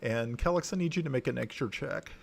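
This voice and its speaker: A man narrating a tabletop game as dungeon master, talking in a halting way with many fillers and restarts. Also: medium pitch, vocal fry.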